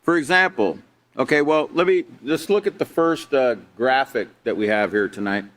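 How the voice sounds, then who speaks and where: The middle-aged man here has an animated, mid-range voice with a fairly bright tone and moderate pace. Teaching character education live online, he reads off slides, keeps things conversational, and asks rhetorical questions.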